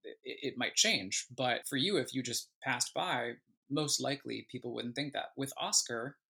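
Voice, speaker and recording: Bright-voiced man telling animated stories. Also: medium pitch, vocal fry, breathy edge. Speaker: guest musician. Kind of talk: casual interview chat.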